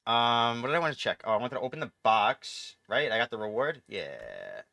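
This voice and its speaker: A man's voice: mid-range voice, very animated, normal speed, vocal fry, pushed and bright, no room sound. A man chatting casually on a live gaming stream, rambling and swearing as he answers chat. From New York.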